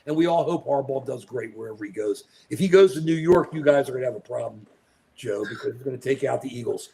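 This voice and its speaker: A man's voice: medium pitch, fast talker, gravelly, mellow, slight background noise. A man co-hosting a live political chat show, talking animatedly and calling out viewers by name. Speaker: co-host. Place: at home in New York.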